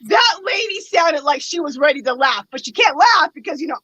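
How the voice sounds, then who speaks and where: A woman telling a story in casual chat, animated and laughing often, acting out the other people's lines. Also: sits high, fairly quick, low-quality recording. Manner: animated, laughs often, acts out quoted voices.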